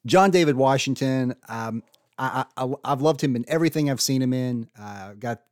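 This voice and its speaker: Brief: earnest male podcast debater, mid pitch, dry close sound. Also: normal speed, a little mellow, no room sound. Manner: earnest, builds arguments with restarts. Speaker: podcast co-host arguing casting picks. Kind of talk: casual debate chat.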